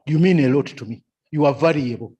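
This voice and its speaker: A man's voice: fairly high pitch, brisk, warm tone, husky. A man giving a seminar lecture, repeating key phrases and asking rhetorical questions. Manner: repetitive, rhetorical questions, chuckles often. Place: seminar room.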